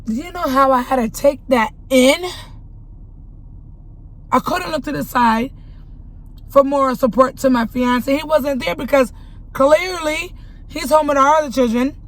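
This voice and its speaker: Young woman, high voice, earnest emotional vlog testimony, speaks straight to viewers. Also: measured pace, pauses often, poor audio. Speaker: vlogger and mother. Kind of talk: emotional personal testimony to camera.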